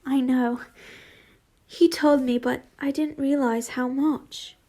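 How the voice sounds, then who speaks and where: A woman's voice: sits high, fairly even intonation, slow, warm tone, exaggerated voice. A woman doing a weary young hero. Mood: relieved.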